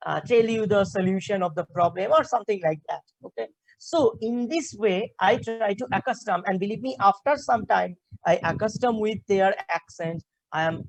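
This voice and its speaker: A woman from India with a Bengali-tinged Indian English accent, giving an online class as a communication skills trainer over a video call, talking haltingly with many fillers. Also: on the low side, no room sound, poor audio.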